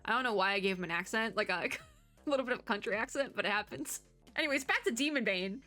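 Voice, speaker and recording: A woman's voice: mid-range voice, quick pace, sharp tone, soft background music. A woman VTuber reading a game story aloud, with chatty, giggly, playfully sarcastic commentary.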